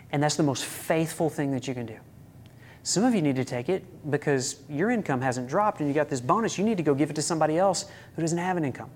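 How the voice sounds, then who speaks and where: A man's voice: on the high side, a little mellow. A man preaching a sermon as a pastor, emphatic, with rhetorical questions and sudden rises in his voice.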